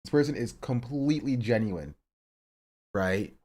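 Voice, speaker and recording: A man's voice: medium pitch, animated, unhurried, mellow. A man hosting a casual reaction stream, rambling and amused as he talks to his chat.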